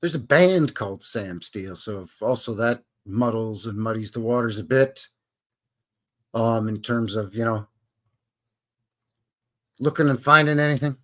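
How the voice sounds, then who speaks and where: A man's voice: mid-range voice, unhurried, pauses often. A man with a Canadian accent hosting a live stream, greeting his chat in a jokey, folksy way. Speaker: livestream host.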